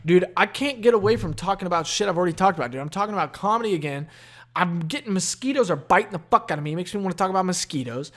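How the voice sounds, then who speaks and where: A man's voice: high-pitched, animated, rapid-fire, a bit bright. A young man hosting a casual solo podcast outdoors, rambling and profane with lots of fillers. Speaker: podcast host.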